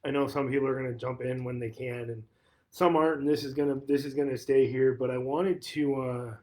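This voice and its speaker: A man's voice: mid-range voice, fairly even intonation, a little fast, darkish tone. A man who manages a real estate office, talking casually on a livestream and retelling a conversation, often repeating and restarting phrases.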